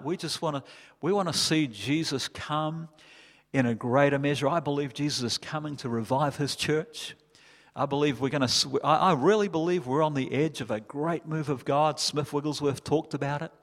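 Impassioned New pastor in a reverberant hall. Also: male voice, medium pitch. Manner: impassioned preaching, builds to loud climaxes. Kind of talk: sermon. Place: church hall.

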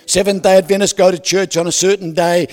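A male pastor preaching a lively sermon, asking the congregation questions and swinging from loud to soft. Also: sits high, a little fast. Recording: reverberant hall.

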